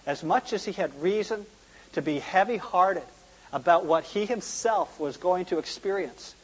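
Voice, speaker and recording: A man preaching a sermon, earnest and emphatic, slowing down to stress key points. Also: sits high, slightly rough. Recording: long hall reverb.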